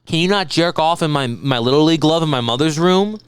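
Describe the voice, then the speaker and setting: A young man co-hosting a podcast, riffing fast in profane comedic banter and dropping into mocking impressions. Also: on the high side, animated, clear, resonant tone, no echo. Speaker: podcast co-host.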